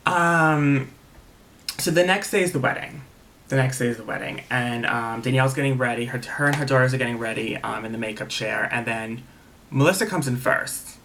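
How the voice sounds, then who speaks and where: A man's voice: medium pitch, pushed and bright, slight background noise. A man casually recapping a reality TV episode, chatty and gossipy, swearing freely and saying "like" a lot. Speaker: TV episode reviewer.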